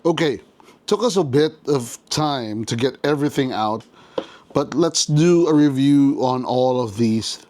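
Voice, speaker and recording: A man's voice: mid-range voice, a little mellow. Chatty man unboxing a toy. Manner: chatty, enthusiastic, often trails off and restarts. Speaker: toy reviewer. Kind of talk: casual unboxing commentary.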